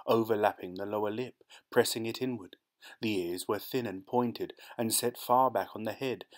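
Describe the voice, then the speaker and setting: Guy reading a dark short story aloud, lowish voice, slow and deliberate. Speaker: audiobook narrator. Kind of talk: scripted audiobook narration.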